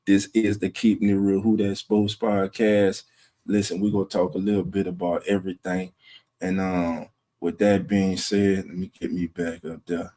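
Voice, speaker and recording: A man hosting a late-night sports livestream at home, talking low and greeting chat viewers by name. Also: little pitch movement, normal speed, warm tone. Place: home room at night with wife resting nearby.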